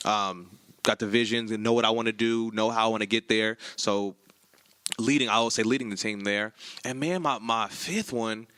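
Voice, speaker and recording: A man's voice: on the low side, moderate pace, fairly bright tone, smooth, dry recording. A young man in casual conversation, rambling and laughing as he tells stories. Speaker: podcast co-host. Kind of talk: casual chat.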